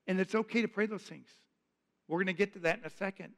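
A man's voice: sits high, fast, creaky. A man preaching a sermon as pastor, earnest and conversational, often repeating phrases. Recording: long hall reverb.

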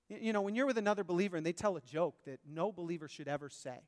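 A male pastor preaching a sermon, animated, swinging between loud emphasis and quiet asides. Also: high voice, very fast, hardly any pauses, in a large hall.

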